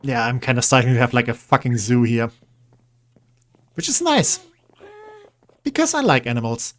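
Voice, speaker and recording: Male game streamer, mid-pitched, casual and rambling, coaxes pets, easygoing chat. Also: sing-song, quick pace. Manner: chatty, rambling, coaxing pets. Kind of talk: casual gameplay commentary.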